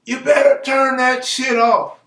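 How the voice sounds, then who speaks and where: A man voicing a hotheaded, cranky man who shouts threats and complaints. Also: high-pitched, steady tone, normal speed, pitched above the performer's own voice. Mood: indignant. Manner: loud, indignant, shouting. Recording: roomy, distant mic.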